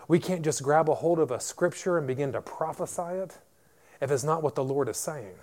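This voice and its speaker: A male pastor in full sermon, his fairly high voice climbing into loud emphatic declarations before dropping back to a quieter teaching tone. He repeats words as he builds momentum, calling out to the congregation. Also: brisk.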